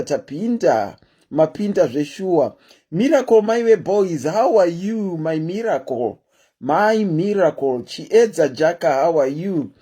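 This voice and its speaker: A woman's voice: low voice, warm tone, husky. A Zimbabwean woman hosting a casual live stream, chatting and greeting her viewers one by one.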